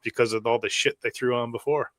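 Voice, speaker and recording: A man's voice: mid-range voice, fairly even intonation, fast talker, a bit bright, no echo. Male co-host, blunt and opinionated, mid-range voice, dry close recording. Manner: opinionated, swears casually, explains rules to listeners. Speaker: podcast co-host. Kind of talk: casual chat.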